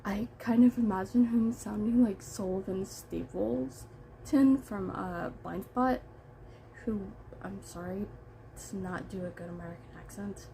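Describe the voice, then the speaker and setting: A woman's voice: medium pitch, unhurried, vocal fry, dark tone, a little hiss or hum, poor audio. A woman chatting casually through a book review, rambling and poking fun at herself. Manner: chatty, rambling, self-deprecating.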